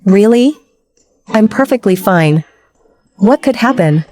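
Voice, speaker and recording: A young secretary who has been reborn and is quietly scheming. She speaks in a dubbed drama at a middle pitch and drops playful asides to herself. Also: expressive, takes it slowly. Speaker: secretary Rachel.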